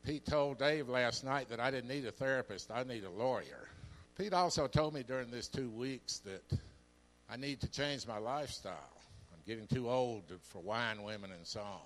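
A man's voice: mid-range voice, a bit bright. A man in his seventies with a Southern US accent, introducing a guest speaker to a church congregation with dry, self-mocking jokes. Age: 70s. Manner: dry, self-mocking humor with earnest pauses. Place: church sanctuary.

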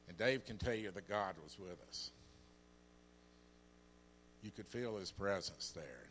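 A man's voice: lowish voice, fairly bright tone, slight background noise. A man in his seventies with a Southern US accent, introducing a guest speaker to a church congregation with dry, self-mocking jokes. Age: 70s. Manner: dry, self-mocking humor with earnest pauses. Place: church sanctuary.

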